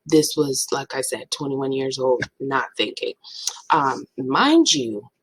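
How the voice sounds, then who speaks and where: A young woman in her twenties telling a storytime in casual chat, animated and dramatic. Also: slow pace, slight background noise, low-quality recording. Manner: animated, dramatic, swings into playful high voices for quotes. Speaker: vlogger.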